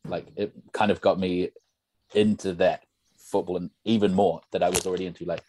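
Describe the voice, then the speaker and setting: A man's voice: deep voice, little pitch movement, fairly quick, mellow, a little hiss or hum. A young man, a podcast guest telling stories in a casual, rambling way full of "like" and "bro". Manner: rambling storyteller, lots of "like" and "bro". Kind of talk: casual chat.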